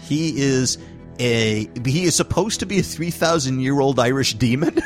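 A man's voice: medium pitch, soft background music. A man co-hosting a podcast, joking and laughing through a casual chat about a film. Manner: joking, animated, quick to laugh. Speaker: podcast co-host.

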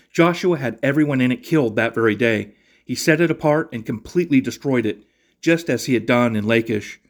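A man reading a Bible passage aloud in a steady, measured cadence, then giving a short devotional reflection and prayer as a podcast host. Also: medium pitch.

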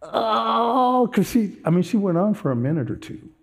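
A man preaching as a pastor, telling a personal testimony in an animated, self-mocking way. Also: sits high, fast talker.

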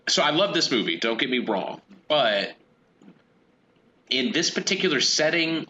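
Man, low pitch, bright forceful tone, faint hiss behind, thoughtful podcast talk. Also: poor audio. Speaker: podcast co-host. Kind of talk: casual film discussion.

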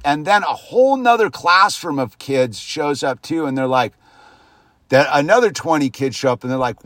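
A man's voice: normal speed, dry recording. A man hosting a podcast, delivering a heated, profane rant that keeps ending on a dropped "dude". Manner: heated and profane, peppers lines with "dude", swings loud then drops low. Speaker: podcast host. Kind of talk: profane ranting monologue.

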